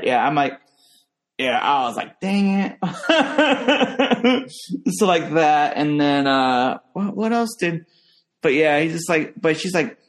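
Chatty young man from Northern California. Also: slow pace. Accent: American. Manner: animated storyteller, jumps into high voices for other people. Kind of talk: casual chat.

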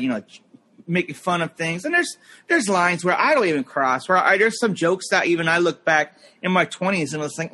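Man, 30s, casual podcast co-host; high bright voice, rambling storyteller. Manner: rambling, lots of fillers, mimics people in anecdotes.

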